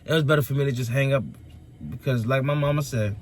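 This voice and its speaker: A man, a trucker vlogger, telling a story as a casual rant and acting out quoted dialogue in an animated way. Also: mid-range voice, normal speed. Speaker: owner-operator trucker vlogger.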